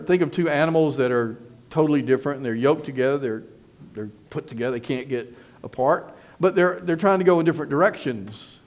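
A man's voice: a little high, darkish tone. Earnest middle-aged male preacher. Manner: earnest, repetitive emphasis with frequent restarts. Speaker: pastor. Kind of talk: sermon.

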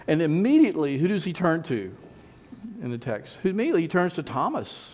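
A man's voice: fairly high pitch, very animated, fairly quick, a little mellow. A middle-aged man preaching a sermon in a conversational way, repeating phrases and rising for emphasis.

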